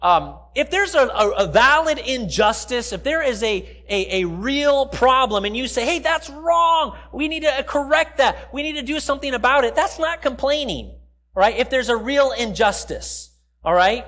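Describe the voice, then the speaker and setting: A man's voice: extremely high pitch, lively intonation, normal speed, bright, forceful tone. A man preaching a sermon in a church in a conversational way, acting out the people he quotes. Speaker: pastor. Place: church sanctuary.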